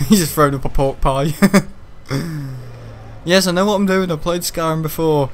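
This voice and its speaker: A man's voice: on the high side, fairly even intonation, moderate pace, slight background noise. A man chatting casually on a gaming livestream, rambling and grumbling between frequent laughs. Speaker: gaming live streamer. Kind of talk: casual livestream chat while playing.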